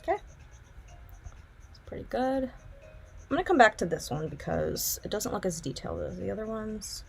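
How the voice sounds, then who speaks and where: A woman's voice: medium pitch, very animated, moderate pace, creaky, a little mellow, slight background noise. A young woman teaching digital drawing, talking casually and thinking aloud as she works. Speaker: art instructor. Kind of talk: casual drawing tutorial narration.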